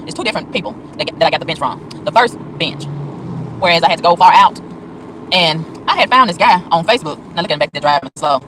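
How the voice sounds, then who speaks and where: A man ranting with animated, profane exasperation on a live stream from his car on city streets, with faint traffic noise behind him. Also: a little high, fast. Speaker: vlogger. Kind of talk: live-stream rant while driving.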